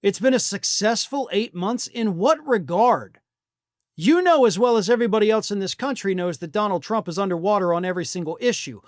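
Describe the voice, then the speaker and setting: A man's voice: high voice, no room sound, clean studio sound. Blunt, sarcastic male political commentator. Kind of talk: opinion commentary monologue.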